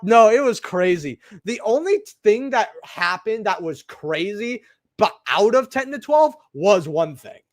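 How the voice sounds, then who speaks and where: Young male host, high and highly animated, rambling casual storyteller, dry close recording. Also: dry recording. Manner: rambling, animated, lots of "right?" and asides. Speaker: channel host opening trading cards. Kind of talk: casual storytelling while opening packs.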